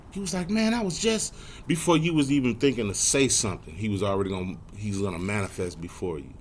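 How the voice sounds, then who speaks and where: A man with a lowish voice gives a Bible study lesson, talking straight to his listeners in a casual way. He drags out scripture readings slowly, then jumps up high in animated asides. Short tag words at the ends of his phrases fade down to almost nothing, with a faint hum of ambient noise behind him. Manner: slows right down to read scripture aloud; lively pitch jumps with soft trailing tag words. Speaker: Bible teacher.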